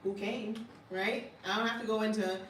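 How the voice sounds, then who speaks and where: A woman teaching a small class in a classroom, chatty and quick to laugh, often checking "right?" with her students. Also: medium pitch, steady tone, a little hiss or hum. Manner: casual, laughs often, asks "right?" a lot. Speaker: language teacher. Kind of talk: classroom lesson. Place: classroom with a board. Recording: echoey room, recorded from far off.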